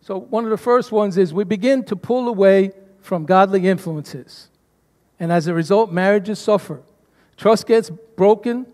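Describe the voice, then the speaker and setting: A man's voice: high voice, darkish tone. A man preaching a sermon as pastor to his congregation, calling for responses from them. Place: church sanctuary. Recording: long church reverb.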